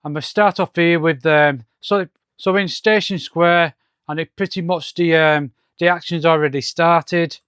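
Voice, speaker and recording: A man's voice: a little high, fairly even intonation, measured pace, a bit bright, smooth, no echo, clean studio sound. A man casually reviewing a comic, hesitating with lots of ums and restarts. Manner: hesitant, many fillers and restarts.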